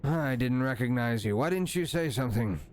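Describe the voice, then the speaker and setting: A man voicing a male lizard folk hunter, gruff and blunt, who talks in terse, clipped sentences. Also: mid-range voice, expressive, normal speed, a little mellow, close to an everyday voice.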